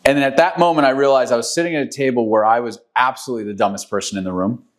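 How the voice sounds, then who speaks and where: A man's voice: mid-range voice, very fast. A man from New York City, co-hosting a podcast, telling a long rambling story full of ums and self-corrections. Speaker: podcast co-host, real estate agent. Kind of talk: casual storytelling chat.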